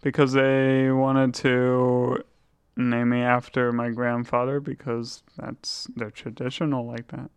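A man's voice: mid-range voice, monotone, slow pace, smooth. A man co-hosting a podcast, laid-back and giving short answers. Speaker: podcast co-host. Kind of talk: casual podcast chat.

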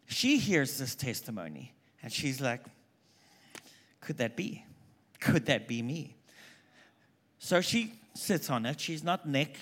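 Male conference preacher, lively storyteller, slightly higher voice, drops low when quoting others. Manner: animated storyteller, quoting people in hushed voices.

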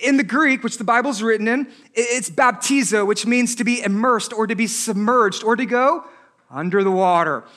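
A married man preaching a sermon as pastor, animated, with joking asides and rhetorical questions. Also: very high voice, normal speed. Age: adult, married.

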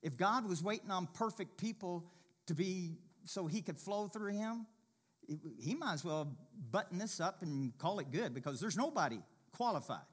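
A man preaching a sermon as pastor, swinging from impassioned loud passages to hushed, quiet ones. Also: high voice, animated, normal speed.

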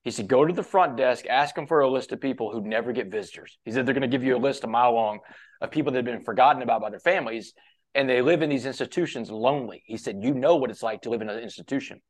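A man's voice: medium pitch, quick pace. Casual storytelling man. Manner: quotes others at length, casual, says "man" often. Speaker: podcast guest. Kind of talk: conversational storytelling.

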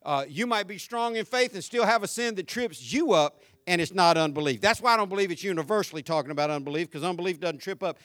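A man preaching a sermon as pastor, folksy and joking, swinging from shouts down to quiet, low talk. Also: quick pace, dry recording, studio quality. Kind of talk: conversational sermon.

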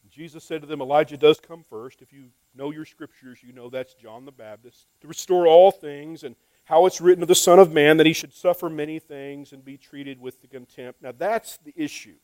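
A man's voice: fairly high pitch, fairly quick, few pauses, a little mellow, no room sound, poor audio. A male pastor preaching a conversational sermon to his church, often asking rhetorical questions and repeating words.

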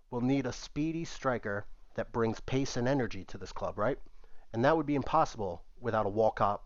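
Man narrating a comic sketch, muffled and dry. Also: dry recording. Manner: narrates and voices several characters, shifting pitch for each. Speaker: comedic storyteller. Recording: dull, muffled dry recording.

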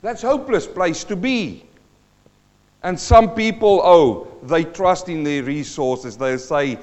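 A fairly high-pitched man delivers a sermon as a pastor, dropping to hushed tones and then rising to loud emphasis. His voice carries a long reverb through the church hall. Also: expressive, measured pace.

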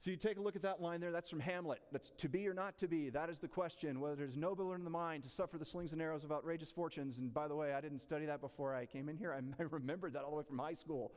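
A man's voice: on the high side, quick pace, hardly any pauses. A man teaching a church Bible class in a casual, chatty way, asking the room questions. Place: church hall. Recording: long reverb in a church hall.

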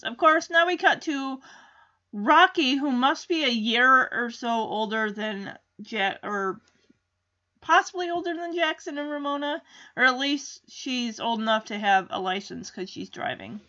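A woman's voice: high voice, big pitch swings, a little slow, fairly bright tone, lo-fi sound. A woman vlogger chatting casually in an exclamatory way as she reacts and comments. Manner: chatty, exclamatory, lots of ooh.

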